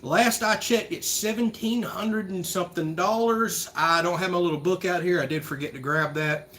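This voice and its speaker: A man's voice: high voice, fairly even intonation, a bit bright. Chatty man hosting a livestream. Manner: chatty, rambling, quick to laugh. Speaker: livestream host. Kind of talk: casual livestream Q&A chat. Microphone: phone camera.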